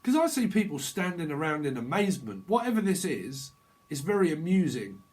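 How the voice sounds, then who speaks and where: A man's voice: fairly high pitch, big pitch swings, a little fast, a little mellow. A man giving a rambling, jokey tarot reading, laughing often between his thoughts. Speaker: tarot reader. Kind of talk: casual tarot reading monologue.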